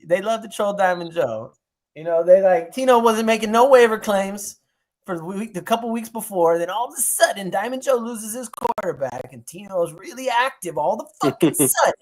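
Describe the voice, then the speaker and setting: Animated swearing podcast co-host man. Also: high-pitched, normal speed. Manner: animated storyteller, acts out quotes, swears a lot. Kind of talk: casual chat.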